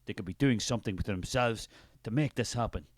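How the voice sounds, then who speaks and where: A man's voice: on the low side, a little fast, dry recording, close to an everyday voice. An Irish man playing a preachy, fervent male spirit of artistic creativity who rambles grandly in a comic character sketch.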